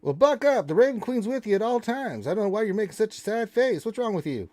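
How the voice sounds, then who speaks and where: A man's voice: high-pitched, very animated, fast, darkish tone. A man voicing a crude, wisecracking male raven who bosses the party around and begs for crackers. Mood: cheeky. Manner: brash, cheeky, bossy. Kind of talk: tabletop role-play voicing.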